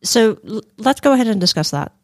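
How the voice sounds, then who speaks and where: A woman's voice: on the high side, expressive, fairly quick, dry recording, studio quality. A woman co-hosting a fan podcast in casual chat, with an easygoing, teasing manner. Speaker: podcast co-host.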